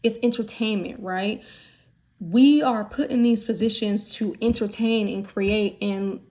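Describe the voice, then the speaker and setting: A woman from the United States talks straight to camera in a relaxed vlog. Her voice sits at an everyday middle pitch. She rambles in a chatty, candid way with plenty of fillers. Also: measured pace. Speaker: vlogger. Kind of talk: candid casual chat.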